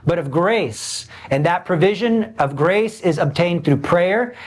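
A man preaching an impassioned Catholic sermon, emphatic, with rhetorical questions and sudden swings in pitch. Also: expressive, a little slow.

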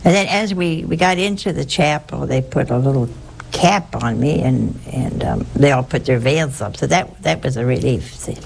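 A woman's voice: a bass voice, normal speed, creaky, a little mellow, slight background noise. An older woman, a nun, telling personal stories in a rambling, anecdotal way with frequent restarts. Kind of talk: personal storytelling.

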